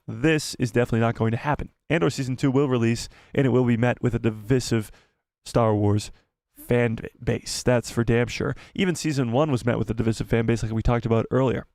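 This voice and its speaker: A man hosting a casual live stream, excitable, swearing and reading the chat aloud. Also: medium pitch, dry recording.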